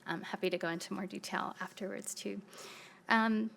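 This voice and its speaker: A woman's voice: mid-range voice, steady tone, normal speed, gravelly, a bit bright. A woman giving a conference presentation in a casual way, with fillers and restarts, at a podium mic. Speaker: panel presenter.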